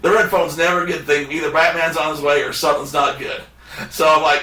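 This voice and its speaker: Animated bright-voiced man telling a story. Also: on the high side, quick pace, reverberant, far from the mic. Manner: animated, acts out both sides of the story. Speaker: podcast host. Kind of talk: casual storytelling chat.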